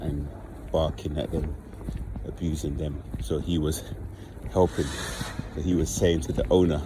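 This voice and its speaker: Deep-voiced man rambling through a story. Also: background noise. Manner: rambling, informal, heavy use of "like". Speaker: vlogger. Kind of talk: casual storytelling monologue.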